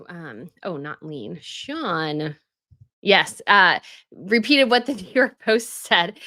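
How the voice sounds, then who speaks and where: A woman's voice: mid-range voice, pushed and bright, no echo, clean studio sound. A woman hosting a casual livestream, chatting with viewers and reading their comments aloud, often laughing as she goes. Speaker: royal news livestream host.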